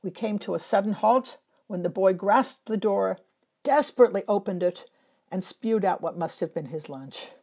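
A woman from Northern Europe, a travel photographer, narrating her travel memories in a measured, reflective way. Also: mid-range voice, a little mellow, husky. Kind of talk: scripted first-person travel narration.

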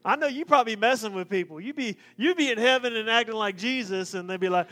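A man preaching a sermon, joking and lively in his asides. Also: extremely high pitch, quick pace, hardly any pauses. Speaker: pastor.

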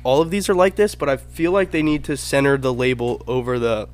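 A man's voice: medium pitch, lively intonation, a little fast, faint music behind. A man co-hosting a casual podcast, making dry wisecracks about the beer. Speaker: podcast co-host.

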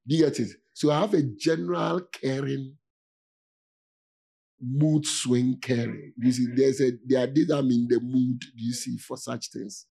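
The speaker is a male pastor whose mid-range voice stays steady, mellow, and husky, with some vocal fry. His sermon is informal and conversational, and he regularly pauses or laughs while asking his listeners "do you see?"

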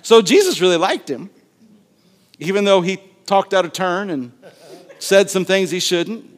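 A man's voice: high-pitched, unhurried. A male pastor preaching a sermon, acting out Bible scenes in different voices. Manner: animated, acts out Bible scenes with voices and laughter.

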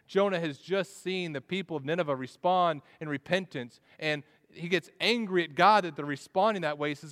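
A man's voice: a little high, moderate pace, few pauses, fairly bright tone. A man preaching a sermon in an earnest way, often restarting his phrases. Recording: long echo of a large hall.

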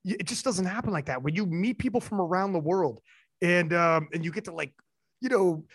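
A young man hosting a casual chat, telling stories in an animated, slangy way. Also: high-pitched, a little fast, dry recording, studio quality. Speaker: podcast host and event commentator.

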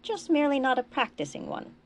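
Reader-voiced figure: woman doing calm, coaxing male friend, faint gravel. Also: high-pitched, fairly quick, slight background noise, pitched above the performer's own voice.

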